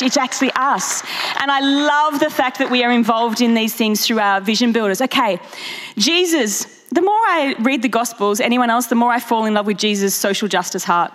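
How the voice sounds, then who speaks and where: A young woman preaching a sermon with passion, her voice jumping high for emphasis. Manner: passionate, animated, jumps to high pitch for emphasis. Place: large church hall. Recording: echoey large hall.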